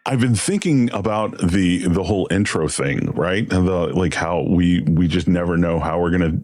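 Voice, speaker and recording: A man's voice: low-pitched, normal speed, darkish tone, dry recording. A man co-hosting a podcast in casual chat, joking and rambling with trailing-off sentences. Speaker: podcast co-host.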